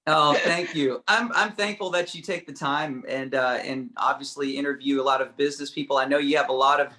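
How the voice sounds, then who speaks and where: Bright-voiced man speaking quickly. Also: medium pitch, steady tone. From Texas. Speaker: country singer-songwriter. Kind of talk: casual interview chat.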